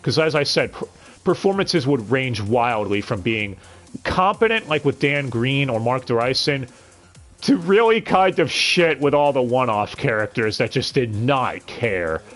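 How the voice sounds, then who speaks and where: A man's voice: medium pitch, lively intonation, unhurried, a bit bright, faint music behind. A man reviewing an anime dub on a live stream, talking casually with frequent stammered restarts and blunt, profane sarcasm.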